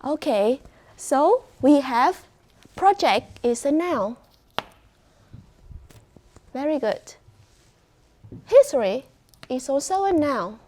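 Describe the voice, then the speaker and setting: Slow high-voiced woman teaching class. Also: very animated, mellow. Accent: Vietnamese. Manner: slow, clear teacher talk to a class, praising and prompting students. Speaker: English teacher.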